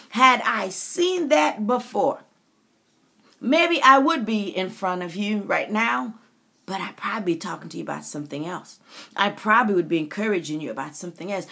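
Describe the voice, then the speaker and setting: A woman's voice: mid-range voice, animated, moderate pace, gravelly, sharp tone, slightly rough. A middle-aged woman from the Caribbean, an author giving a faith-based motivational talk, preachy and calling listeners honey and baby. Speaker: author and inspirational speaker.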